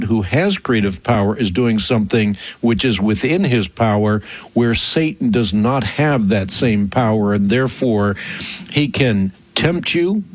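A man hosting a radio call-in program, answering a caller in a measured, emphatic teaching manner that stretches out key phrases. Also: mid-range voice, no room sound.

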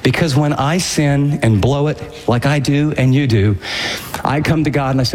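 Guy preaching a sermon, lively, acts out voices, high pitched, a little hall echo. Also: moderate pace, slight background noise. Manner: animated, acts out inner voices. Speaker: pastor. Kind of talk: radio sermon.

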